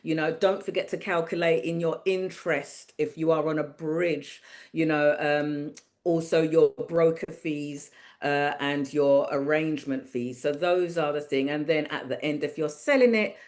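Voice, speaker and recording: A woman with a slightly low voice hosts an online property clinic. She talks in a chatty, upbeat and reassuring way over a video call. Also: steady tone, measured pace, darkish tone. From Caribbean. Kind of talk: casual webinar hosting.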